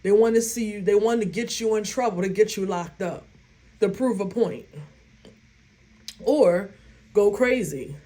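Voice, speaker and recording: Blunt, animated woman vlogger. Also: medium pitch, unhurried, long pauses. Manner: animated, blunt and profane, acting out her own reactions. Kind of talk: casual storytelling to viewers.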